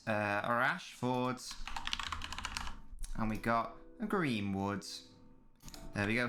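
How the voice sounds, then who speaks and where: A man's voice: mid-range voice, fairly bright tone. A young man, a live streamer, chatting casually and swearing as he reads and answers messages from his chat during a football watch-along.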